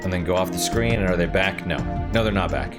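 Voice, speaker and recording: A man's voice: deep voice, fast talker, over loud music. A young man chatting casually and frankly while playing a game, rambling and swearing now and then. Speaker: gaming streamer.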